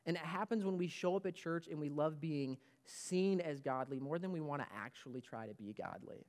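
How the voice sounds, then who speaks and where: Emphatic man preaching, slightly high voice. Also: fairly quick, a little mellow. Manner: emphatic preaching, repeats key phrases. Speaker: pastor. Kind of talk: sermon. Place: church.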